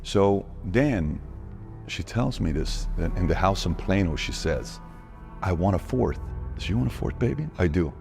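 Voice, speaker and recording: Man with an extremely low voice, interview guest, animated storyteller who voices every line of dialogue. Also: unhurried, creaky, music in the background. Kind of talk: personal storytelling in a podcast interview.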